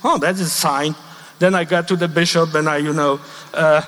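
High-voiced priest with Polish accent. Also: male voice, flat delivery, fairly bright tone. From Poland. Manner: emphatic, repeats quoted lines slowly, non-native grammar. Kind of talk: sermon with personal testimony. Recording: long reverb of a large hall.

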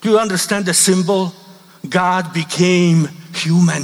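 A middle-aged man from Poland with a Polish accent, preaching a sermon with personal testimony in emphatic, non-native English and slowly repeating the lines he quotes. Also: sits high. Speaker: priest. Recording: long reverb of a large hall.

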